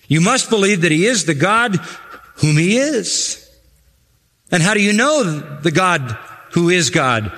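A man's voice: on the high side, a bit bright, long reverb tail. A man preaching a sermon, stressing and repeating key phrases for emphasis.

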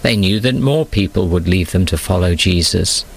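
A man giving scripted storybook narration in a steady, measured reading. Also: low voice, gravelly, slightly rough, rough recording.

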